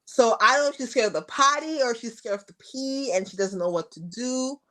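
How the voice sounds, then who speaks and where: Speaking a little fast with a sharp tone, a woman tells casual interview stories on a podcast about raising a toddler. She talks frankly and plays out dialogue with her daughter in a high, raised voice.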